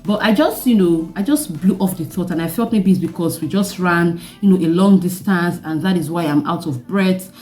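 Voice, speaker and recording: A young Nigerian woman with a Nigerian accent, telling a personal story in a vlog with animated delivery and laughing asides. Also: fairly low pitch, moderate pace, hardly any pauses, soft background music. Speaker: vlogger.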